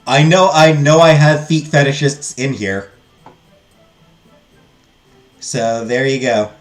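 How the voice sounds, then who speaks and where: A man's voice: medium pitch, fairly even intonation, slow pace, faint music behind. A man hosting a let's play, reading a game's text aloud and joking with viewers in casual asides.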